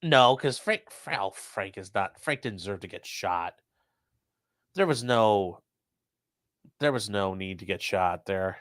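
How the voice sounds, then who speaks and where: A man's voice: lowish voice, animated, measured pace, long pauses, a bit bright, no echo. A man hosting a casual livestream chat, rambling and laid-back. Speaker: host.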